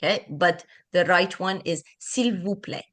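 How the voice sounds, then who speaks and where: A woman teaching an online class, speaking slowly and encouragingly and repeating phrases. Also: fairly low pitch. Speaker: French tutor.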